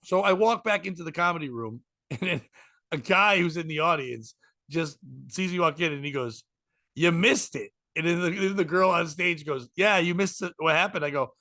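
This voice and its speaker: A man's voice: fairly high pitch, normal speed, bright, forceful tone, no echo, studio quality. A man, a stand-up comic hosting a podcast, rambling through a story with profanity and acted-out quotes. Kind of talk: casual storytelling chat.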